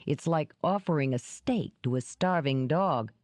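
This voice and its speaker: A woman reading an audiobook, voicing a gruff, wary man who talks in curt, dry lines. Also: a little high, a little slow, no room sound, close to an everyday voice.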